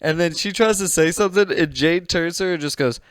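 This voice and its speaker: A podcast co-host with a fairly high, slightly fast voice tells stories in casual chat, animatedly acting out quotes and laughing often. The studio-quality recording has no echo.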